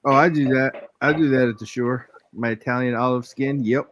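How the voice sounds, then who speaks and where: A man in an ordinary middle register joins a relaxed live stream chat. He ribs the host with dry, teasing jokes. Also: mid-range voice, moderate pace, a little hiss or hum. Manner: wisecracking, teasing. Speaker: stream guest. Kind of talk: casual chat.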